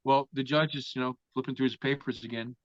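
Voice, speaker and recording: A man's voice: medium pitch, fast, no echo. A man from Florida, a guest in an interview, telling a long story with lots of swearing and acting out the other people in it. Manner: profane, animated storyteller who acts out other people's lines. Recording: dull, lo-fi sound.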